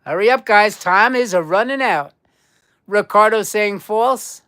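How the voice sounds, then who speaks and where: A woman's voice: mid-range voice, unhurried, fairly bright tone. A woman hosting a casual live-stream trivia quiz, chatty and repeating herself as she talks to viewers. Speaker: livestream trivia quiz host.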